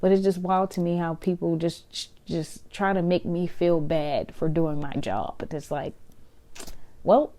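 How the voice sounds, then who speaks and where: A woman's voice: lowish voice, a little slow, warm tone. A woman hosting her own podcast, chatting casually and laughing often. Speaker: podcast host. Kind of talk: casual solo podcast monologue.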